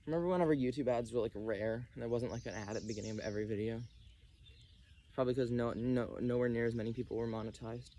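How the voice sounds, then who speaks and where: A man's voice: medium pitch, fast, dark tone, slight background noise. A man vlogging outdoors into his phone while hula hooping, rambling casually and a little out of breath. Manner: chatty, rambling, self-deprecating. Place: outdoors in a rural backyard. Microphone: phone camera.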